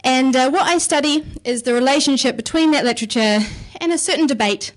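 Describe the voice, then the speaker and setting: A woman's voice: high-pitched, brisk. A young woman with a New Zealand accent doing a stand-up comedy set, wry and sarcastic, swearing casually. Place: comedy club stage.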